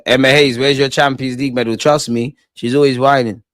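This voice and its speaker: A man's voice: mid-range voice, fairly quick, few pauses, no echo. Young male fan-channel host, slangy and hyped, dry close mic. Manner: excitable, slangy, shouts out viewers. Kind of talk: live watch-along reaction.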